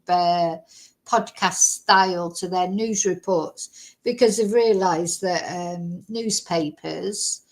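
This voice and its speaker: A woman commenting casually on a true crime story during a live stream, rambling with many fillers. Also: mid-range voice.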